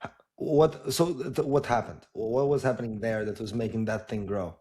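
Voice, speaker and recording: A man hosting a casual interview, asking questions in a laid-back, halting way with many restarts. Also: fairly low pitch, fairly even intonation, a little mellow. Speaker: podcast host.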